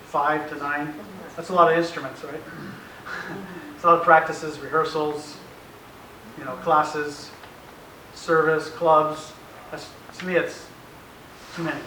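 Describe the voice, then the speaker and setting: Bright-voiced man in an echoey room. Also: on the high side. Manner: anecdotal, acts out family dialogue, chuckles often. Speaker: speaker at a parent presentation. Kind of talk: informal presentation to parents. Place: meeting room with an audience. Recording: roomy echoey room, faint hiss, mic far off.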